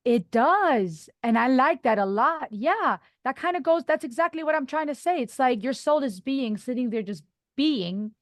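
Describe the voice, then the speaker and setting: A woman's voice: high-pitched, expressive, normal speed, no room sound, studio quality. A woman podcast host, a native German speaker, talking in an earnest, reflective way and laughing often during a casual interview.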